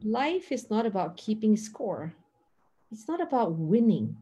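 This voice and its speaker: A middle-aged woman giving a mindfulness lesson in an earnest, teacherly way. Her voice is slightly husky, and her pitch rises and falls in lively swings as she acts out little dialogues. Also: unhurried. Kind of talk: teaching talk.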